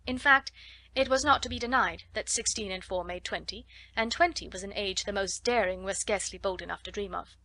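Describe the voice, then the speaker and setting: A woman reading a classic children's novel aloud as an audiobook narrator, steady and clear. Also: medium pitch, fairly quick, no echo. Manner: steady storytelling. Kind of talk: scripted narration.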